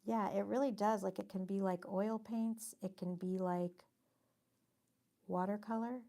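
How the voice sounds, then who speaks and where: A woman's voice: mid-range voice, steady tone, measured pace, warm tone. A woman hosting a casual painting livestream, chatting in a friendly, self-deprecating way and reading viewer comments aloud. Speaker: livestream host and watercolor artist.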